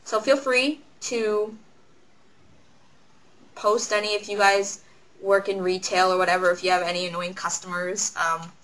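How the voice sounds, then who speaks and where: Bright-voiced young woman ranting casually. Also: medium pitch, flat delivery, low-quality recording. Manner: chatty, rambling, acts out customers in quick quoted voices. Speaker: retail cashier. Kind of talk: casual vlog storytelling.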